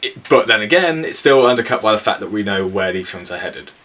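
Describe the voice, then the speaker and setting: A man's voice: on the low side, animated, a little fast, sharp tone. A young man co-hosting a casual film review, blunt and opinionated, sweary, laughing often. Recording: voice from a distance.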